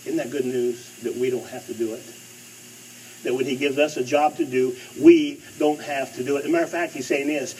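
A man's voice: mid-range voice, fairly even intonation, brisk, darkish tone. Male preacher, sermon, emphatic repetition, distant mic, faint hiss. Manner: emphatic, repeats phrases for stress.

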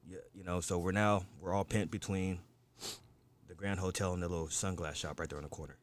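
Low-voiced guy rambling thru a story, swears a lot, says you know every other line. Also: steady tone, brisk, a little hiss or hum. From United States. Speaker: storyteller in a group chat. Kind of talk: casual chat.

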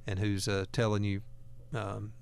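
A man's voice: on the low side, completely flat delivery, a little slow, vocal fry, darkish tone, smooth. A man hosting a talk radio show, speaking in a folksy, earnest way and often repeating words as he goes. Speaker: radio host.

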